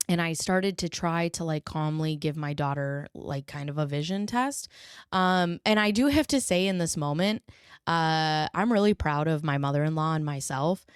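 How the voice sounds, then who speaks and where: A woman's voice: on the low side, smooth, dry recording, clean studio sound. A young woman hosting a podcast, telling a story casually with fillers and swearing, acting out quoted lines in a raised voice. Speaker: podcast host.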